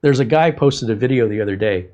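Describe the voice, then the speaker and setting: A man's voice: mid-range voice, expressive, quick pace, mellow. A man hosting a tech livestream, talking in a candid, emphatic, rambling way about his own mistakes. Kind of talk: casual livestream talk.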